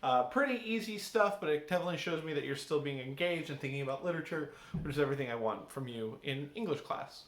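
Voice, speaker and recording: Speaking quickly with few pauses, a male English teacher reads a poem aloud and explains it to his class in a conversational style, checking in with "right?" often. His voice is on the high side and expressive. The recorded lesson has a roomy echo.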